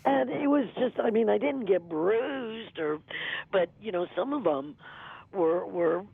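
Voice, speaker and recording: A woman's voice: medium pitch, animated, unhurried, creaky. A middle-aged woman, a former music TV veejay, telling stories in a rambling, laughing way as a guest in a casual interview. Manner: rambling, laughs often, many "you know" fillers. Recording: tinny dry phone line.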